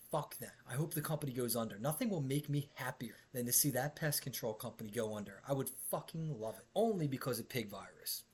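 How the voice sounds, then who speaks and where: A man hosting a podcast, telling a rowdy, profane story with brash energy and shouted quoted bits. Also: mid-range voice, breathy edge. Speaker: podcast host.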